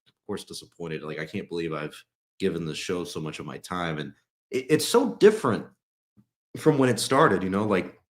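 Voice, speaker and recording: Rambling low-voiced man, echoey room. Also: lively intonation, moderate pace. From Texas. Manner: rambling, many restarts and fillers. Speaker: podcast co-host. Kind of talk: casual podcast chat.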